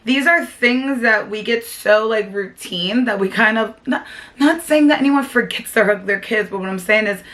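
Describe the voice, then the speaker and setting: Young mom from south jersey chatting to the camera, earnest, lots of likes, crisp bright voice. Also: female voice, on the high side, moderate pace. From South Jersey, USA. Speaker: parenting vlogger, stay-at-home mom. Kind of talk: casual talk to camera.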